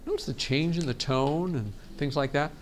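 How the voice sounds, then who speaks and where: A man teaching a workshop on storytelling in a relaxed seminar style, talking casually and often restarting his sentences. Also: on the high side, moderate pace, slight background noise. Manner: chatty, frequent restarts and laughs. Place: conference meeting room.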